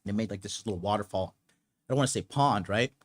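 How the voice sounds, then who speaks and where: A man's voice: on the low side, fast talker. A young man hosting a podcast, telling a personal story in a blunt, rambling, profane way with lots of fillers. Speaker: podcast host. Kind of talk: casual storytelling monologue.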